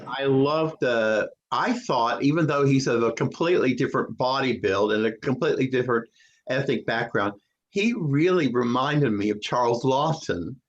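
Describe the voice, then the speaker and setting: A man hosting a casual cast talkback over a video call, halting and full of fillers. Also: medium pitch. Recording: muffled lo-fi video call audio.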